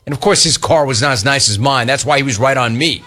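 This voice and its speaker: A man's voice: mid-range voice, fast, bright, forceful tone, faint music behind. A man hosting a live talk show, reading out listener complaints and teasing a caller about his name. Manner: teasing, mocking repetition. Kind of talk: casual live show banter.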